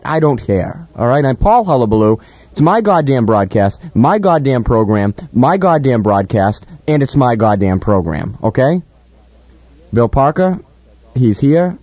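A man's voice: mid-range voice, animated, moderate pace, darkish tone, dry recording. Mock-grandiose young man on the radio. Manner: mock-grandiose, profane, stammers and repeats words. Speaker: radio host. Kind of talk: irreverent casual radio banter. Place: college radio studio. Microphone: studio mic, monitoring on headphones.

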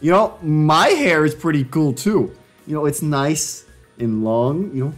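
A young man live-streaming, chatting casually and joking excitedly with himself while working through language drills. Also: unhurried, soft background music. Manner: jokey, excitable, laughing self-commentary with sudden pitch jumps.

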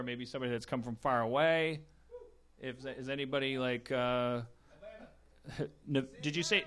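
Bright-voiced rambling comedy podcast host. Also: male voice, medium pitch. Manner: rambling, stammering restarts, jokey. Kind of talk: live comedy podcast banter. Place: live theater stage.

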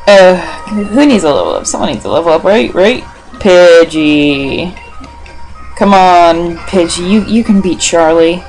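A woman's voice: on the low side, very animated, normal speed, hardly any pauses, a little mellow, soft background music, poor audio. A woman giving casual commentary as she plays a video game, rambling and swearing, talking to herself and the game characters with self-mocking asides. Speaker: let's play gamer.

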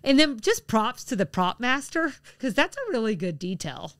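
Smooth-voiced chatty woman podcaster. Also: a little high, big pitch swings, normal speed, no room sound, clean studio sound. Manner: chatty, apologetic, laughs often. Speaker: podcast co-host. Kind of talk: casual chat.

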